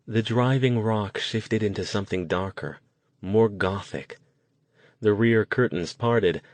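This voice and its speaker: Man, audiobook narrator, low voice, dry studio sound. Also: dry recording. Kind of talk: scripted narration.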